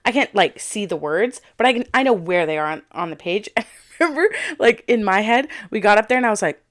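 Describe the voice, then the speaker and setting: A woman's voice: mid-range voice, animated, fast talker, no room sound, clean studio sound. A young woman co-hosting a podcast, chatting casually and laughing easily as she tells her stories. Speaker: podcast co-host. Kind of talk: casual chat.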